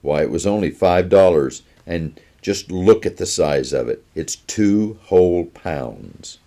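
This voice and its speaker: A man's voice: deep voice, lively intonation, slow, vocal fry, mellow, heavily acted. A man voicing a young soldier who grumbles and boasts, reading from a children's storybook. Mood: boastful. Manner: brash, complaining.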